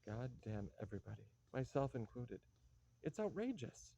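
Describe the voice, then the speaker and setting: A man's voice: mid-range voice, very animated, moderate pace, vocal fry, mellow. An actor playing an aging father who pleads with his daughter and blusters when he cannot follow events, in a stage play reading. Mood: flustered. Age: older. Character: weary aging father, fond but exasperated. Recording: dull lo-fi recording.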